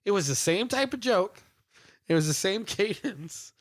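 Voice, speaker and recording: A man co-hosting a casual podcast, telling rambling stories in an animated way. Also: sits high, unhurried, dry recording, clean studio sound. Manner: rambling, animated storyteller with laughs. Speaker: podcast co-host. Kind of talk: casual chat.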